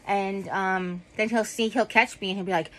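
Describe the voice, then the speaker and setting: A woman's voice: medium pitch, fairly even intonation, normal speed, fairly bright tone, low-quality recording. Chatty rambling woman vlogger. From United States. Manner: rambling, chatty, with many ums and asides. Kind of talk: casual chat to camera. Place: lying down at home.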